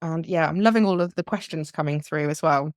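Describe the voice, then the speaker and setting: A woman's voice: low-pitched, brisk, no room sound, clean studio sound. A woman, a language teacher, explaining exam tips in a live webinar, talking things through with restarts and examples.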